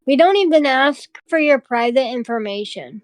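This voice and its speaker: A woman on a voice call hits back at accusations in a very high voice, curt and defensive. Her sound is dry and close, with no room around it. She swears freely and keeps her answers short. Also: expressive, normal speed, no room sound. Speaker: co-host of the chat server. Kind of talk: heated group voice call. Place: online voice call.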